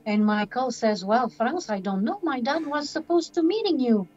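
An older woman telling her story in an interview, hesitant and full of pauses. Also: high-pitched, a little mellow. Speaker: scam victim interviewee. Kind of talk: slow halting interview testimony. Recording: dull documentary clip with music.

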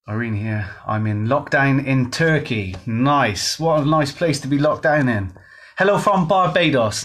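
A man's voice: medium pitch, fairly bright tone. A man from Gloucester with a Gloucestershire accent, leading a live-streamed dance fitness class in a chatty, upbeat way, greeting viewers by name. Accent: Gloucestershire English. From Gloucester, England. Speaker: fitness instructor.

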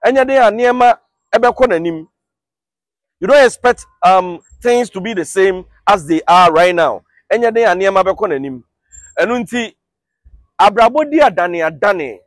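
High-voiced Ghanaian man explaining. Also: unhurried, no echo, studio quality. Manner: relaxed, chatty, explains step by step. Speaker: YouTube host explaining song lyrics. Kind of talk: casual explanatory talk to camera.

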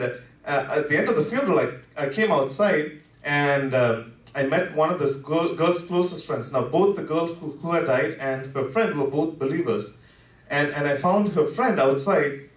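Impassioned preacher man in an echoey sanctuary. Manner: conversational, full of "you know" fillers; swings between soft, low asides and impassioned rises. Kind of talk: Good Friday sermon. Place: church worship center. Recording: echoey sanctuary heard from a distance.

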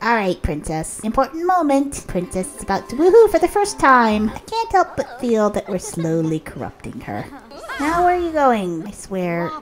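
A woman giving casual commentary over a life-sim game, chatting to her characters and reacting with quick exclamations. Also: a little high, soft background music. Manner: chatty, talks to her sims, lively reactions. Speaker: let's play host.

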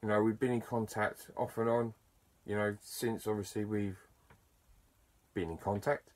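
A man talking casually to camera as a YouTuber, chatty and enthusiastic, with bursts of excitement and self-deprecating asides. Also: on the low side, unhurried. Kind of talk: casual to-camera vlog talk.

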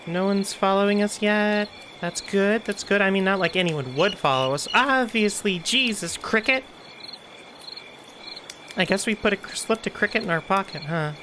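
A woman's voice: mid-range voice, normal speed, a bit bright, a little hiss or hum. A woman giving let's play commentary on a horror game, chatty and jumpy with frequent laughter. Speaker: gaming streamer.

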